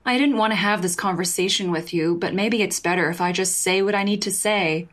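A woman voicing a blunt young woman who speaks in calm, measured therapy-speak to her roommate. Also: medium pitch, natural voice. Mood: firm.

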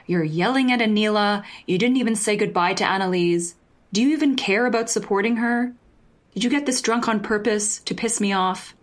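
A woman voicing a blunt young woman who speaks in calm, measured therapy-speak to her roommate. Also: medium pitch, lightly acted. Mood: firm.

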